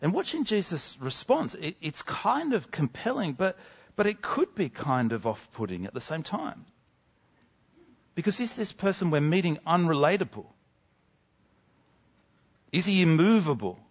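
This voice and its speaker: A man's voice: on the high side, very animated, moderate pace, long pauses, breathy edge. Earnest male preacher, dull sound. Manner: earnest, emphatic, with soft dramatic drops. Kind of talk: sermon.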